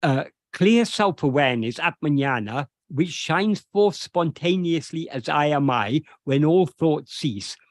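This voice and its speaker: A man with a somewhat high voice explains a devotional verse line by line. He talks slowly and deliberately, pausing often with hesitations. The sound is dry and close, with no room around it. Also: animated, no room sound. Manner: slow and deliberate, with many hesitations. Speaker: spiritual teacher.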